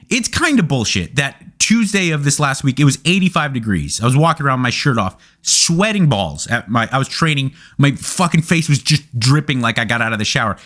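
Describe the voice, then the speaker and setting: A man's voice: mid-range voice, big pitch swings, moderate pace, a bit bright. A man hosting a casual question and answer show, reading viewer questions aloud and answering them in a candid, profane way. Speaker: podcast host.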